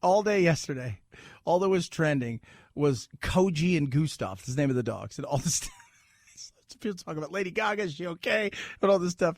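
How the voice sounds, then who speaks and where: A man hosting a talk radio show, giving an opinionated monologue in an animated, sarcastic way, often laughing. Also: a little high, normal speed, dry recording, clean studio sound.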